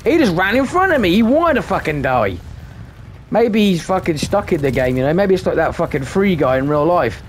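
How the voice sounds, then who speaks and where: A man's voice: sits high, big pitch swings, moderate pace, a little hiss or hum. Swearing man ranting over gameplay. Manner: ranting, heavy swearing, frustrated. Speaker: gaming video creator. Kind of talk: live gameplay commentary.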